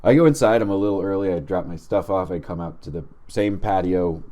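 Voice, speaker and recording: A man co-hosting a comedy podcast, telling a long story in an animated, deadpan way. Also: sits low, fairly quick. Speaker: podcast co-host.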